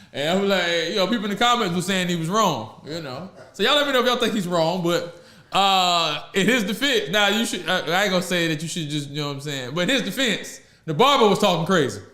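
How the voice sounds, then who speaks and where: A man with a high voice chats on a podcast, spinning animated stories and laughing between lines. The room around him is echoey. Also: fairly quick. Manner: animated storyteller, laughs often, Southern slang. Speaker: podcast host. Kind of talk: casual podcast chat.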